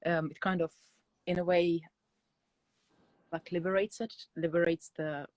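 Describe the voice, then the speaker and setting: A woman on a video call reading her own poems and speaking about them in a hesitant way, with many pauses and fillers. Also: on the low side, steady tone, a little mellow, no echo. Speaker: guest poet.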